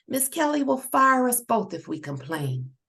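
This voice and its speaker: A woman voicing a blunt, slangy young woman coworker, with a gravelly edge. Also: on the high side, big pitch swings, a little slow, a bit bright, pitched above the performer's own voice, heavily acted.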